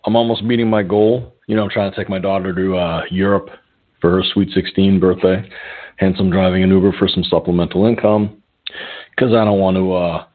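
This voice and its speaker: Low-voiced man rambling over a phone line. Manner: rambling, profane, with chuckles and filler words. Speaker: call-in show host. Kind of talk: casual storytelling chat.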